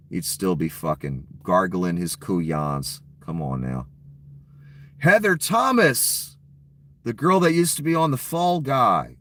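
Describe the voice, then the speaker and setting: A man's voice: low voice, very animated, a little slow, a bit bright. A middle-aged man delivering an angry political rant to his viewers, sarcastic and mocking, swearing freely. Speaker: political commentary vlogger.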